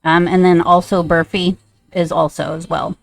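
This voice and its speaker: Woman streamer rambling away with lots of ums, lowish voice, dry room. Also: little pitch movement, moderate pace, gravelly, dry recording. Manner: chatty, rambling, many fillers; sing-song baby talk to a pet. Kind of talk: casual chat while drawing on stream.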